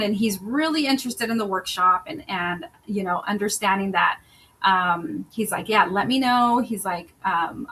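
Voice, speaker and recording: A woman's voice: medium pitch, pushed and bright, low-quality recording. A woman self-love coach and podcast host, talking in an earnest, conversational way about relationships and retelling stories in other people's voices. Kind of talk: personal monologue on relationships.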